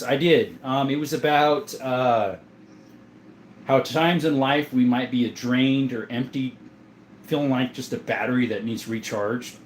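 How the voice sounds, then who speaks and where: A man's voice: mid-range voice, slight background noise. A man casually hosting a livestream, chatting and greeting viewers by name as he reads the chat. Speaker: livestream host reading chat. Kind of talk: casual live-chat talk.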